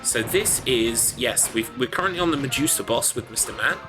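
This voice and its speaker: A man hosts a livestreamed race, calling the action and chatting with viewers in a dry, joking tone. His pitch sits in the middle of the male range. Game music plays clearly behind him. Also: lively intonation, brisk. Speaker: race commentator and host. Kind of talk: casual livestream commentary.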